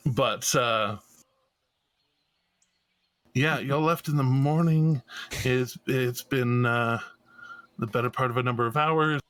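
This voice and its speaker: A man narrating as game master of a tabletop game, halting and restarting often. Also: medium pitch, a bit bright, no echo, poor audio. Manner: slow, halting narration with many fillers and restarts.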